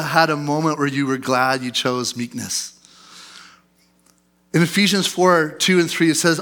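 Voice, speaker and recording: A man's voice: fairly high pitch, sharp tone. A man in his thirties, a pastor preaching a sermon in a conversational storytelling way, often asking the congregation questions.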